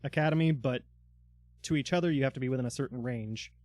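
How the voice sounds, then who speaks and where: A man's voice: medium pitch, fast talker, darkish tone, no echo, clean studio sound. A man narrating a tabletop game as dungeon master, in loose narration full of fillers.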